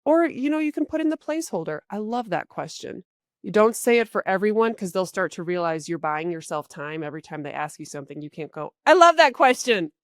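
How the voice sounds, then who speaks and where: A woman career coach hosting a podcast, giving casual advice in a chatty way with many fillers and sudden jumps in pitch and volume. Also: fast, few pauses, no echo, clean studio sound. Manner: animated, with big jumps in pitch and loudness; acts out short quoted exchanges.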